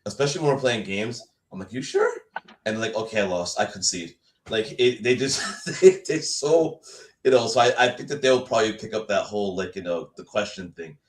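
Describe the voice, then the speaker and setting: A man's voice: on the low side, expressive, fairly quick. A man talking reflectively and hesitantly on a casual show, restarting his sentences as he goes. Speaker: guest host. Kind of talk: casual podcast talk. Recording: echoey and distant mic.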